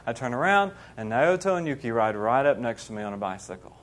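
A middle-aged man preaching, telling a mission story in an animated way and acting out the people he quotes. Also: mid-range voice, fast, hardly any pauses. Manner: animated, acts out quoted voices. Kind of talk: sermon storytelling.

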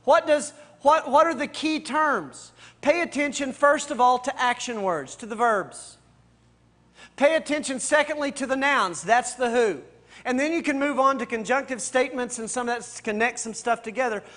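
A pastor with a strikingly high voice for a man, leading a Bible study class. He asks question after question, repeats his main points, and talks to his listeners like a friendly teacher. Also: moderate pace, fairly bright tone. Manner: addresses listeners directly and casually.

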